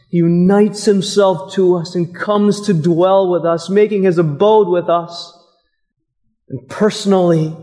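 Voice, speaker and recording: Slow, mellow-voiced male preacher. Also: high-pitched. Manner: slow, deliberate preaching with emphatic pauses. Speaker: pastor. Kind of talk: sermon. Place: church.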